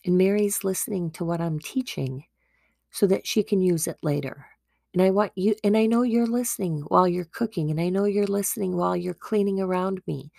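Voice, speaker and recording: A woman voicing a gentle, reassuring male Jesus in a retold Bible story, speaking softly and comfortingly. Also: lowish voice, brisk, gravelly, dry recording, clean studio sound.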